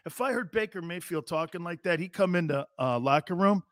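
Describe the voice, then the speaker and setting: A man's voice: sits high, expressive, fairly quick, fairly bright tone, no room sound, studio quality. A man in his fifties hosting a live sports talk show, ranting in a brash, sarcastic and blunt way.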